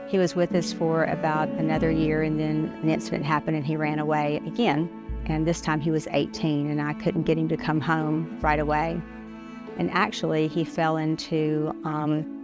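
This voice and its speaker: A middle-aged woman telling a personal story as an interview guest, halting and often pausing to restart her sentences. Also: sits low. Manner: halting, many pauses and restarts. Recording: music playing underneath.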